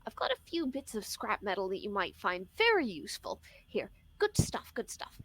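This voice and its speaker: A shrewd wandering merchant, as a woman plays her with a hushed, half-whispered sales patter. A lively, swooping pitch rides on a gravelly fry. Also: moderate pace, a little hiss or hum, poor audio. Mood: scheming.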